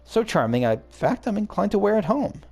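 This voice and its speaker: A man's voice: sits high, very animated, brisk, gravelly, mellow, slightly rough, pitched above the performer's own voice, full character voice. Bashful woman miner, polite and modest, man's raised voice, rising and falling. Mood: shy. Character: shy young woman miner.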